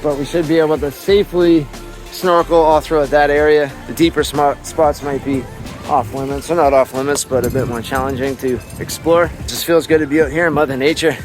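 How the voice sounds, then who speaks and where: A man's voice: on the high side, steady tone, a little fast, soft background music. A man vlogging outdoors in a casual, laid-back and upbeat way, chatting and narrating. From Canada. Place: outdoors on a coast.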